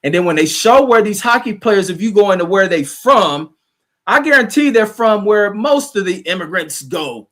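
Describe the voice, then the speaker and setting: A man's voice: sits high, animated, normal speed, sharp tone. A man hosting a livestream, ranting in heated, rambling, profane commentary and answering chat comments. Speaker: livestream host.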